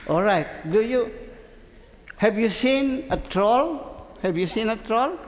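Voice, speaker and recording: Slow-paced man telling a story to kids. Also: high-pitched, noisy background. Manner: animated, interactive, asks the children questions. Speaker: storytelling teacher. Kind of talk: reading a story aloud to children. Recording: long hall reverb.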